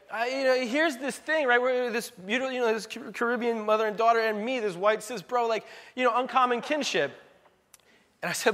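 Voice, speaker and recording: Man, pastor, fairly high voice, heartfelt and earnest sermon. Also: a little fast, a bit bright. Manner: emotional, earnest storytelling with laughs.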